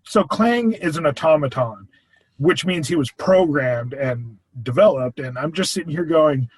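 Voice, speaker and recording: A man's voice: fairly high pitch, lively intonation, normal speed, slightly rough, no room sound, rough recording. A man on a tabletop podcast, joking and sounding incredulous in casual chat. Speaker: podcast player.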